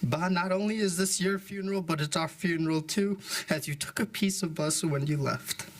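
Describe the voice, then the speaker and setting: A man's voice: on the high side, moderate pace. A young man, a grandson, delivering a candid eulogy at a funeral service, in plain speech with fillers. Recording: live event recording with background noise.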